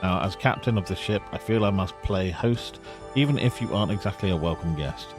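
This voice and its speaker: A man's voice: sits low, a little fast, over music, close to an everyday voice. A man voicing a pompous, haughty ship captain who speaks in a formal, condescending way.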